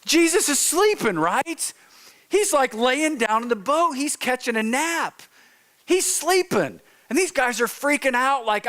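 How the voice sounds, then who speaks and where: A man's voice: very high-pitched, lively intonation, measured pace, a bit bright. A male pastor preaching a conversational sermon in a church, telling a story informally and acting out the quotes. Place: church sanctuary.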